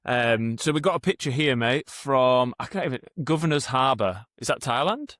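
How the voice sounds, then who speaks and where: A man's voice: medium pitch, expressive, normal speed, a bit bright, no room sound, clean studio sound. A man, a rehab coach hosting a podcast, talking in a chatty, encouraging way with plenty of filler words. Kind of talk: casual interview talk.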